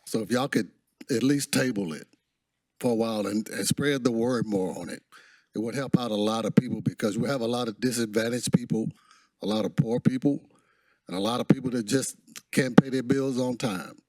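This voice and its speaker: A man's voice: medium pitch, brisk, a little mellow, dry recording. A man giving an earnest public comment at a city council meeting.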